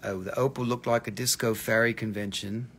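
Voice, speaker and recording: While selling mineral specimens on a livestream, a man from the US East Coast chats casually and jokes with viewers, swearing freely. His voice is fairly low and fairly bright, with fairly even intonation and a slightly fast pace. There's a little hiss or hum in the recording.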